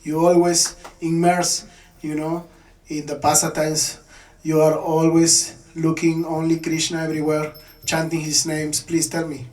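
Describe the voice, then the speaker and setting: A man's voice: on the high side, completely flat delivery, measured pace, darkish tone, echoey room, distant mic, lightly acted, poor audio. A man voicing a great male god who speaks courteously and entreatingly.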